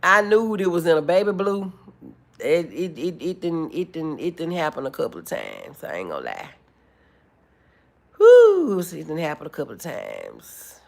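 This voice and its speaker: Animated laughing woman live-streaming. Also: low voice, moderate pace, vocal fry. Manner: animated, laughing, loud whoops, reads chat aloud. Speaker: livestream host. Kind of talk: casual livestream chat with viewers.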